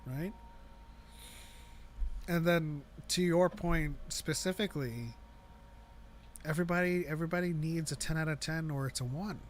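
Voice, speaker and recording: A man's voice: on the high side, moderate pace, pauses often, slight background noise. A man co-hosting a fan podcast in casual chat, arguing his points at length and laughing often. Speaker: podcast co-host.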